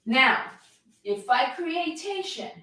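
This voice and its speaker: Her high-pitched voice swings widely in pitch, sounding pushed and bright as she speaks slowly. She's a fitness coach in a live class, shaking while holding a plank she's demonstrating, and she eggs her viewers on with energy. Captured far from the mic in a very reverberant room.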